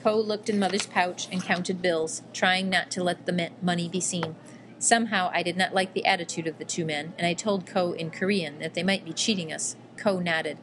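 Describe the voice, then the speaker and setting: A woman narrating a first-person memoir in a measured, quietly emotional reading. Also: lowish voice, steady tone, noisy background. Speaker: audiobook reader.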